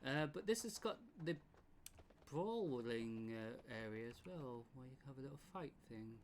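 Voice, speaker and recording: A man's voice: mid-range voice, lively intonation, moderate pace, a little hiss or hum. A man casually commenting on a video game as he plays, chatty and rambling. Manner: chatty, rambling, laughs often. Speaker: game streamer. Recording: stream mic with game music.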